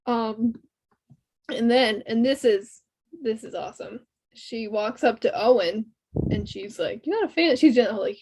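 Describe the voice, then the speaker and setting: A podcast co-host with a somewhat high voice, talking loosely and excitedly. She recaps scenes and slips into quick impressions of the characters as she goes. The talk is casual and full of laughter. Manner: animated storytelling recap, laughs often, acts out quotes. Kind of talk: casual fan podcast chat.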